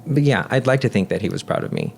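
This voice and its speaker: A man in his thirties, a nurse and guest, telling personal stories in an earnest, talkative way and dropping soft and low when he reflects. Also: wildly swooping pitch, fast, gravelly, slight background noise. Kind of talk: casual chat.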